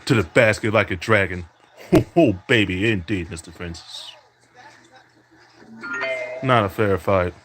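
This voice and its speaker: A man's voice: fairly low pitch, unhurried, long pauses, fairly bright tone, soft background music. Trash-talking man calling his own game. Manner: mock announcer calls mixed with taunts. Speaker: podcast host playing a basketball video game. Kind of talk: trash-talking play-by-play over gameplay.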